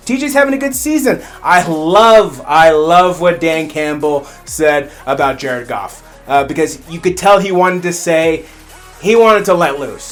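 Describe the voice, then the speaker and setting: A man's voice: high voice, a bit bright. A man hosting a solo fantasy football show, rambling through his picks, repeating phrases and getting fired up into rants. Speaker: fantasy football podcast host.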